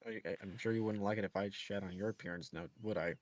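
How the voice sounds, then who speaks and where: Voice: low-pitched, steady tone, quick pace. A stream guest who keeps breaking in with indignant, swearing outbursts. He repeats lines to mock them, in a loose, casual stream chat. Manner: indignant, swearing, mocking repetition.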